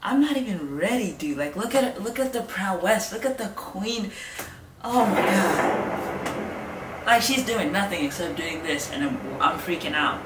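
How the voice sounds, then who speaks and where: A young woman hosting a reaction video, chatting excitedly and gushing over what she watches. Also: fairly low pitch, normal speed, hardly any pauses, recorded from a distance, background noise. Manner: gushing, exclaims often, chatty asides. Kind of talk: excited casual reaction chat. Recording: echoey room, voice off-mic, loud music. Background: music from the video.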